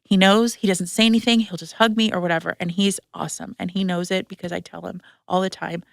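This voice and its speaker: Her voice is fairly low with vocal fry and fairly even intonation as this podcast host quickly recounts a personal story. She's frank and emotional to the point of tears, cursing and filling freely, in clean studio sound with no room echo.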